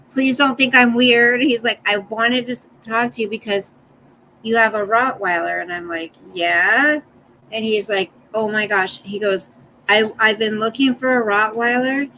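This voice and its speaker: An older woman chatting casually with her live stream viewers, rambling between stories and stopping to coo softly at her dog. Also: fairly high pitch, a little hiss or hum, poor audio. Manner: chatty, rambling, talks to her dog in soft baby talk.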